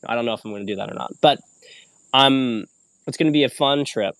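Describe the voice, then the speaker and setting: A young man talks in a casual, rambling way, often restarting his sentences as he explains things to viewers. His voice is smooth and clear, sitting at an ordinary pitch. The sound is dry and close, with no room echo, and he seems a little tired. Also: fast, a bit bright. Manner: rambling, self-correcting, conversational teaching. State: a little tired after a long hike. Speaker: host. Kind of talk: casual solo video chat and wine lesson.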